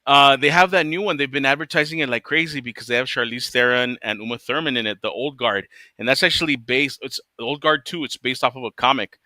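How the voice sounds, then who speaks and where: A man's voice: medium pitch, fast, hardly any pauses, pushed and bright, no echo. A man hosting a casual chat, ranting with lots of swearing and laughing often. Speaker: podcast host.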